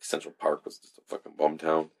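A man's voice: very deep voice, completely flat delivery, brisk, creaky, slightly rough. A young man in casual, rambling chat, swearing freely and laughing often.

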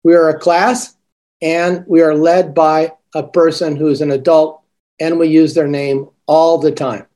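A man coaches teachers in a mellow, darker voice. He demonstrates classroom greetings with playful, sing-song stress, setting up each example as he goes. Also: a little high, level tone, measured pace. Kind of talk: coaching talk.

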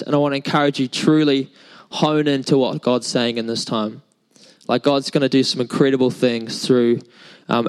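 A man's voice: medium pitch, clear, resonant tone, rough recording. A young man, preaching a sermon in a casual, chatty storytelling way with many fillers. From New Zealand. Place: church service.

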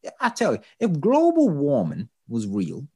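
A man's voice: on the high side, huge pitch swings, moderate pace, mellow, breathy edge, voice pushed up, full character voice. A man doing a drawling Texan politician. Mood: mocking. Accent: Texan, put on. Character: blustering Texan male politician with a snowball.

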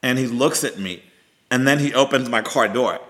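A man, co-hosting a podcast and telling a story in an animated, chatty way, calling listeners y'all and girl. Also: mid-range voice, normal speed. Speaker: podcast co-host. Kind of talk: casual storytelling chat.

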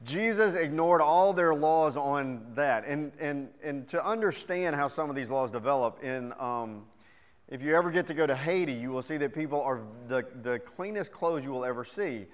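A middle-aged man giving a sermon as a pastor, reading scripture and telling jokes in an animated way, then teaching more quietly. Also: on the high side, normal speed, clean tone. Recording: reverberant hall.

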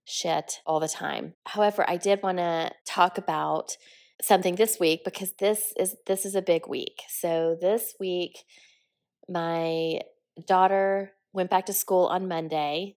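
A woman in her forties hosting her own podcast, talking candidly and a little rambling, stuffy from a head cold. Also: on the low side. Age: 40s. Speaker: podcast host. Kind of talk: solo podcast monologue.

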